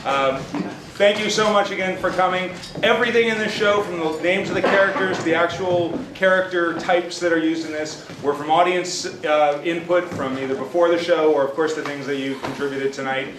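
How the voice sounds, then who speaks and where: A man's voice: a little high, steady tone, moderate pace. A man hosting a live stage show, introducing it to the audience with loose, thankful talk and some fillers. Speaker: show host. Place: small theater stage. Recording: echoey theater, mic far off, background noise.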